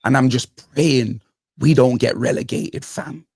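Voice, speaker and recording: A man's voice: medium pitch, steady tone, unhurried, creaky, a little mellow, husky, no echo, clean studio sound. A man hosting a football panel, ranting animatedly about his team with heavy slang. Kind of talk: heated football banter.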